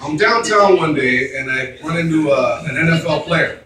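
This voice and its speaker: A man's voice: on the high side, lively intonation, normal speed, very noisy. A man doing stand-up, telling a long story full of swearing and fillers, with an audience laughing. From Mexican heritage. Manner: profane, rambling, many fillers. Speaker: stand-up comedian. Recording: roomy club recorded from a distance.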